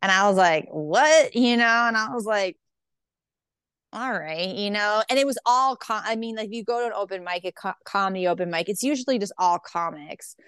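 A woman's voice: mid-range voice, fast talker, hardly any pauses, fairly bright tone, clean tone, no room sound, studio quality. A woman comedian telling stories in casual chat, acting out quoted voices, saying "like" a lot and swearing freely. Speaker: stand-up comedian guest.

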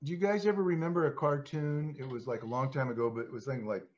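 A man hosting a podcast in casual chat, telling stories in a rambling, animated way. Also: medium pitch, fast. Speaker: podcast host. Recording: slightly dull podcast audio.

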